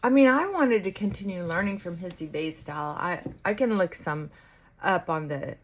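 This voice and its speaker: A woman chatting casually to camera while getting ready, musing aloud with pauses and restarts. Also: fairly low pitch, expressive. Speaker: vlogger. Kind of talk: casual get-ready-with-me chat.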